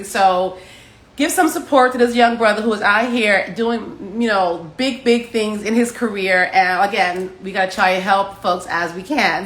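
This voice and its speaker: A woman's voice: medium pitch, a bit bright, slight background noise. A woman hosting a live online talk show, reading a guest's introduction and then chatting effusively, gushing over her guest. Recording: roomy echo.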